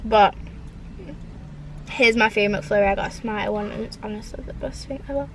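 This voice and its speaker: A woman's voice: mid-range voice, a little fast, a little hiss or hum, rough recording. A young woman chatting casually in her parked car, rambling with lots of "like"s. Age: young adult. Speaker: vlogger. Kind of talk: casual chat.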